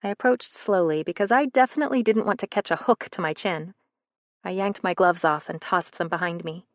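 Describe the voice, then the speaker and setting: A woman's voice: lowish voice, brisk, dry recording. Woman narrating a romance audiobook, dry. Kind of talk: scripted narration.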